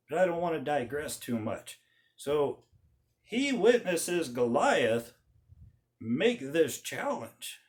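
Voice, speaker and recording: A man tells an old story to his viewers in a folksy, casual way. He speaks slowly, with his pitch rising and falling expressively. His voice sits somewhat high for a man. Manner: folksy, animated. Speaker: channel host.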